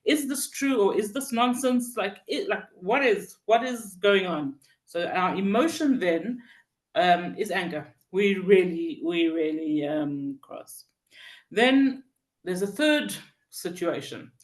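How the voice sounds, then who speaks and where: A teacher giving a Torah lesson on Psalms, halting with many fillers and restarts, telling stories and acting out the people in them. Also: medium pitch, lively intonation. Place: synagogue hall. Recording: roomy echo.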